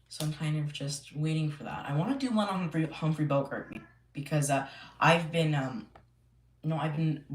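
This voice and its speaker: A man chatting casually on a live stream from home, rambling with many fillers and restarts. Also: a little high. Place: home room. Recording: echoey room, faint noise.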